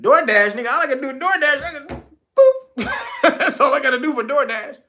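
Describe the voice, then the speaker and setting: A man's voice: extremely high pitch, sing-song, a little fast, sharp tone, a little hiss or hum. A man ranting in casual slangy commentary, swearing freely and breaking into laughs. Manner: profane, laughs often, slangy. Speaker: commentary vlogger.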